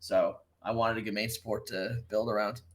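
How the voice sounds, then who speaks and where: A man's voice: lowish voice, little pitch movement, normal speed. Laid-back, joking male co-host. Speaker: podcast co-host. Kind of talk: casual esports podcast chat.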